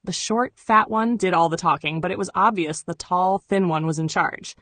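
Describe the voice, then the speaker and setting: A woman reading memoir narration in an even, measured way. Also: on the low side, no echo. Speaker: audiobook narrator.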